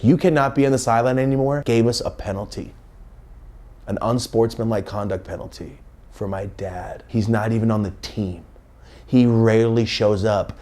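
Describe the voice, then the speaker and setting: Young man, comic storyteller, lively swooping pitch, loud bursts, muttered asides. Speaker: comedic storyteller. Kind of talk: casual story time to camera.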